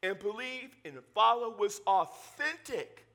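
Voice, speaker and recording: Animated, bright-voiced male preacher. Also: sits high, slow. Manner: animated, conversational preaching with joking asides. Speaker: pastor. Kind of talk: sermon. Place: church.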